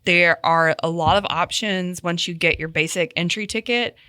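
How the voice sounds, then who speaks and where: A woman hosting a podcast in a studio, chatting casually with animated quick asides. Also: fairly low pitch, smooth, no echo. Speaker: podcast host.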